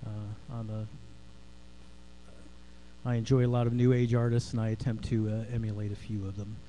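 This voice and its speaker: A singer-songwriter from South Philadelphia who introduces his songs on a bar stage in a put-on, drawn-out Scottish brogue. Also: lowish voice, level tone, lo-fi sound, slight background noise. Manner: puts on a mock Scottish brogue, drawn out and loud.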